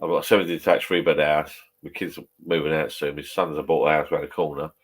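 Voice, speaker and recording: A man's voice: very deep voice, little pitch movement, fast. A man in his fifties chatting casually in his home pub shed, rambling, swearing and chuckling a few beers in. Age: 50s. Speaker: vlogger.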